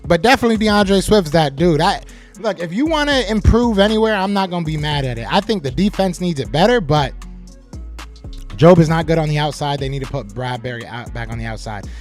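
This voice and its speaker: A man hosting a live sports podcast, reading chat comments aloud and answering them with animated trash talk. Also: fairly high pitch, brisk, faint music behind.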